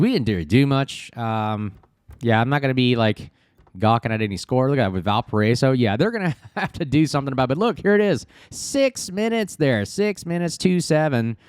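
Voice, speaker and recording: A man's voice: mid-range voice, no echo. Chatty man calling a game. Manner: excitable, chatty, many fillers. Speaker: gameplay commentator. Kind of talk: casual gameplay commentary.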